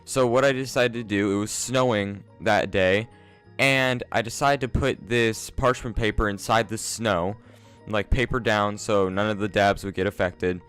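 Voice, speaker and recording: A man's voice: lowish voice, a bit bright, smooth. A young man telling a casual, profane, self-mocking story to his viewers. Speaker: vlogger. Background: faint instrumental music.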